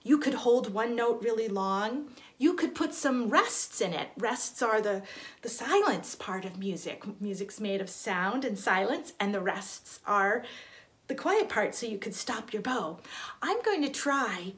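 A woman violin teacher explaining in a studio, gentle and encouraging, with small restarts as she talks. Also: fairly high pitch, animated, a little slow. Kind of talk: friendly instructional explanation. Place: recording studio.

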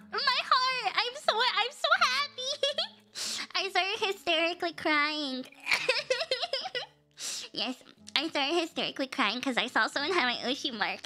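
A woman's voice: very high voice, pushed and bright. A young woman streaming as a VTuber, chatting casually with her viewers, laughing often and reacting to the chat. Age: young adult. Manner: giggly, talks back to chat, frequent laughter.

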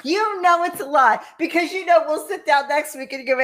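A woman bantering on a couple's podcast, swinging her voice high and low as she stages big, theatrical outrage. Her pitch sits a little high for a woman, and she scolds her partner loudly, for comic effect. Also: animated, brisk, few pauses. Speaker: podcast co-host.

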